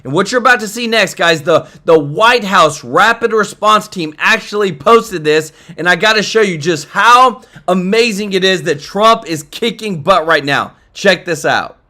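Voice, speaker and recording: A man's voice: high voice, expressive, moderate pace, few pauses, bright, forceful tone. A young man hosting political reaction commentary, fired up and talking straight to his viewers.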